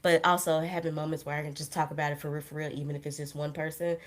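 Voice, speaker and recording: A woman's voice: sits low, level tone, fast. A young woman hosting a podcast livestream, chatting casually and rambling through tangents with self-deprecating humor and frequent laughs. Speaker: podcast host. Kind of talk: casual solo livestream chat.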